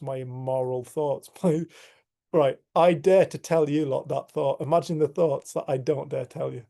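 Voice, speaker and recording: Candid man, gravelly voice, slightly higher pitch, casual group talk over a call. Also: dark tone. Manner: candid, earthy, swears, laughs at himself. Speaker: group facilitator. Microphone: video call.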